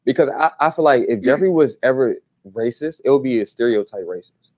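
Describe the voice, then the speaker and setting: A man answering interview questions in a halting, blunt and repetitive way. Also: mid-range voice, expressive, no echo, highs cut off. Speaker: interview guest.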